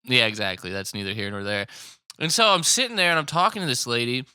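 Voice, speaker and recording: A man's voice: mid-range voice, lively intonation, fast talker, bright, forceful tone, clean tone, no room sound, studio quality. A man from Indiana, a podcast guest, chatting casually and telling profane, laughing stories in which he acts out the people he quotes. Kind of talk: casual chat.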